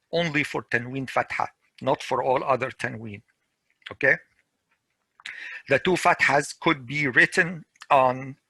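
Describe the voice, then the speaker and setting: A middle-aged man teaching a grammar class over a video call, repeating each example slowly and patiently. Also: medium pitch, sharp tone, slightly rough, dry recording. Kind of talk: online class lecture.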